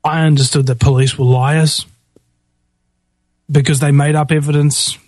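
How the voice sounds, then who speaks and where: A husky, slightly high-pitched man hosts a talk radio show. He rants bluntly and speeds up in heated bursts. The sound is dry and close to the mic. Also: little pitch movement, darkish tone, no room sound. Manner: blunt, ranting, fast bursts. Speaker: radio host. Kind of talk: impassioned radio monologue.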